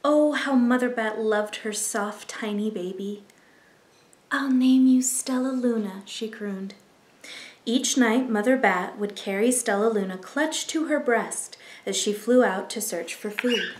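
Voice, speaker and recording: A woman reading a picture book aloud as a library storyteller, gentle and expressive, with asides to young listeners. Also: mid-range voice, unhurried, hardly any pauses, echoey room.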